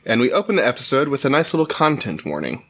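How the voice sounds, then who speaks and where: Male podcast co-host, animated delivery, relaxed and joking recap. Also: medium pitch, quick pace. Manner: recaps plot in a joking, laid-back way.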